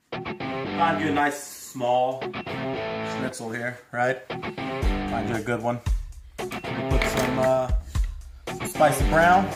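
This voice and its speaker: A man walks through a recipe in his own home kitchen, relaxed and chatty, dropping folksy asides as he cooks. His voice carries the roomy echo of the kitchen, with music playing behind him. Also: medium pitch. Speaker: home cook hosting a cooking show. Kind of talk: casual cooking demonstration.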